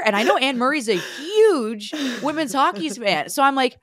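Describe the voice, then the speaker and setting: A woman's voice: high voice, fast talker, dry recording, clean studio sound. A woman co-hosting a casual podcast, telling stories with energy and acting out the lines she quotes. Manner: animated storyteller who acts out quoted lines. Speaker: podcast co-host, former hockey player.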